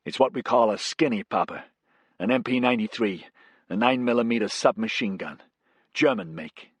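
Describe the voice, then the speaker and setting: A coarse American pilot with a New York accent, gruff and sneering through his pain, as a narrator puts him on. The voice sits low and husky, recorded close and dry. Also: moderate pace, no echo. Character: coarse injured American male pilot, surly.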